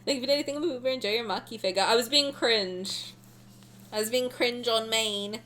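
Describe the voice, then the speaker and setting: A woman streamer chatting casually with her viewers, animated, joking and making fun of herself. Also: mid-range voice. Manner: animated, joking and self-mocking.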